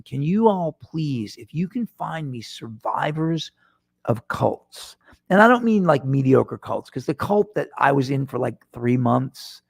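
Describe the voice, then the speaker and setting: A man's voice: mid-range voice, gravelly, a little mellow, breathy edge, dry recording, studio quality. A middle-aged man hosting his own podcast, talking to listeners in a rambling, self-deprecating way with lots of restarts. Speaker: podcast host. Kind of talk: casual solo monologue. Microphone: microphone in front of him.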